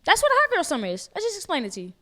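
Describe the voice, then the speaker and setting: A woman's voice: very high voice, wildly swooping pitch, rapid-fire, pushed and bright. A woman co-hosting a podcast in casual chat, laughing often and talking in slang. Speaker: podcast co-host.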